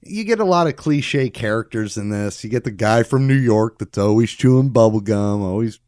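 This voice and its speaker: A man's voice: lowish voice, animated, moderate pace, a little mellow, no room sound, clean studio sound. A man in a casual movie discussion, cracking crude jokes and laughing often.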